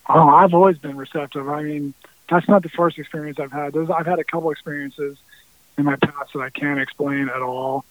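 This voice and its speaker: A man's voice: fairly high pitch, fairly even intonation, fairly quick, fairly bright tone. A man, a musician, telling a long story in a casual interview, rambling with restarts and now and then swearing. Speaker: musician guest. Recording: tinny phone-like sound.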